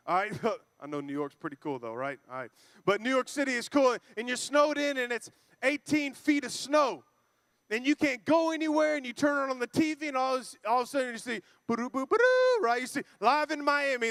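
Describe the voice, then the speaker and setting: A man preaching a lively, joking sermon to a church congregation, acting out quoted voices. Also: extremely high pitch, clean tone, no echo. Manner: playful, acts out quoted voices.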